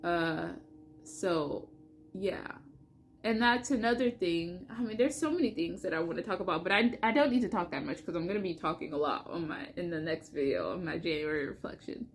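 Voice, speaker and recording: A woman's voice: lowish voice, expressive, a little fast. A young woman vlogging casually, earnest and chatty with many fillers, reading aloud from oracle cards. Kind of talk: casual spiritual vlog with card reading.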